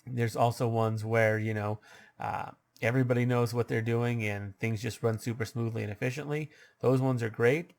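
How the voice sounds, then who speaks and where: A man's voice: mid-range voice, creaky. A man casually explaining how tabletop role-playing games work, rambling along with lots of ums and uhs.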